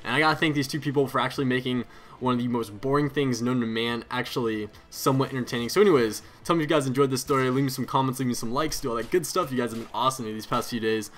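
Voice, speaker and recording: A man's voice: medium pitch, very fast, fairly bright tone. A young man hosting a gaming video, telling a story in a rambling, chatty way with lots of fillers and frequent laughs. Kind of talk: casual storytelling over gameplay commentary.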